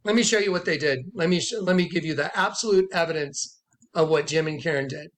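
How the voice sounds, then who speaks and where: A man's voice: on the high side, fast talker. A man telling a rambling, emphatic personal testimony to camera, repeating himself and acting out what others said. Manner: emphatic, repeats himself, acts out quotes in a raised voice. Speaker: self-styled prophet recounting a dispute.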